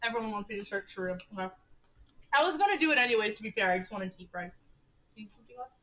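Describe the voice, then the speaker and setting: A woman streaming a text game, reading its narration aloud and chatting excitably with her viewers. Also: medium pitch, rapid-fire, low-quality recording. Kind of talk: casual live-stream gameplay with narration read aloud.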